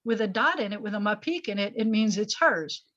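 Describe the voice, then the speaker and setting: A woman's voice: mid-range voice, lively intonation, a little fast, over a noisy crowd. A woman rabbi teaching a Hebrew lesson online, explaining patiently and asking her students questions. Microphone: video call. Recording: slightly dull video-call audio.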